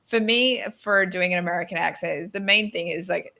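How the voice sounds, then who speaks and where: A woman's voice: lowish voice, normal speed, gravelly, pushed and bright. An Australian woman hosting a casual chat, talking loosely with many restarts and laughing often. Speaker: podcast host.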